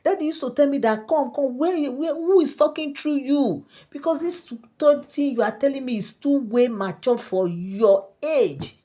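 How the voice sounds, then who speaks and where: A high, bright little girl's voice, as a woman puts her on, pushing her point with eager exclamations. She lifts far above the narrator's low talk and keeps a firm, pleading tone. Heard as part of a spoken storytelling vlog. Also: animated, moderate pace, lightly acted. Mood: insistent. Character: young girl, bold and eager princess.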